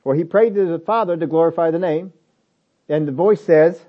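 A man's voice: fairly high pitch, moderate pace, highs cut off. A man preaching a sermon, emphatic and repetitive, asking rhetorical questions of his listeners.

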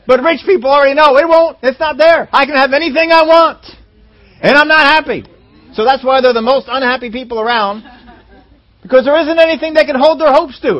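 A man preaching a sermon in an animated way, acting out voices in his stories, on a dull lo-fi recording. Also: extremely high pitch, brisk. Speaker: pastor.

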